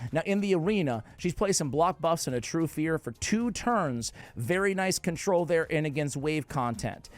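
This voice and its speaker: A man with a New England accent giving casual gaming commentary, playful and jokey with sudden excited outbursts. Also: fairly high pitch, no room sound. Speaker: game guide creator.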